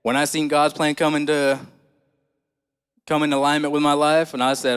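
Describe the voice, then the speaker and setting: A man's voice: on the high side, level tone, moderate pace, long pauses, a bit bright, clean tone. A man preaching a sermon, telling a personal story in a folksy, conversational way and asking the congregation questions. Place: church hall. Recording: church hall reverb.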